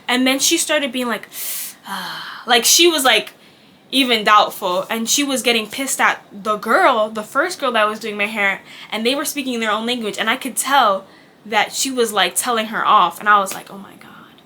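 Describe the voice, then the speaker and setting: Her voice is fairly high and bright with a forceful edge, moving at a normal speed. In this laid-back storytime, the young vlogger chats openly, curses without holding back, and performs the lines others spoke.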